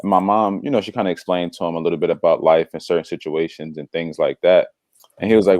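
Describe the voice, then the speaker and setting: Deep-voiced man telling a story, slangy. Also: fast, dry recording, studio quality. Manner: animated storyteller, acts out quoted voices; slangy, drops "bro". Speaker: devotional podcast co-host. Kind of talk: casual storytelling chat.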